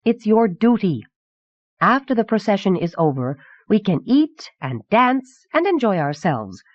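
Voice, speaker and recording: A woman's voice: mid-range voice, big pitch swings, unhurried, no room sound, voice pushed up. A woman voicing a bossy young princess who lectures firmly, on a dull, dry old cassette recording. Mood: stern. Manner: firm and lecturing. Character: bossy young princess, older sister type.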